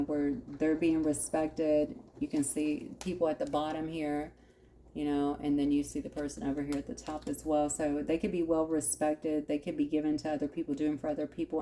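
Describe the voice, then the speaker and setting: Tarot reader, woman, low mellow voice, chatty asides, light hiss behind. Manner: conversational, musing aloud, frequent asides. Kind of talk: channeled tarot reading.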